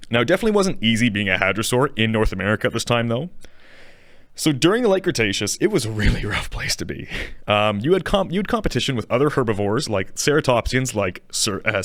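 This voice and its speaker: A man's voice: medium pitch, very animated, quick pace, a bit bright, dry recording, studio quality. A man hosting a casual educational show, rambling, correcting himself and chuckling as he explains. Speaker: show host. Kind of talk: casual educational talk on dinosaurs. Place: small studio.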